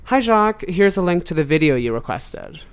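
A man's voice: on the high side, sing-song, brisk, smooth. A young man, a podcast guest, chatting casually and telling a story with lots of fillers and asides. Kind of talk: casual chat.

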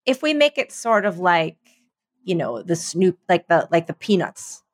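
A woman co-hosting a podcast, bantering casually with animated disbelief. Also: lowish voice, a little slow, dry recording, studio quality. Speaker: podcast co-host.

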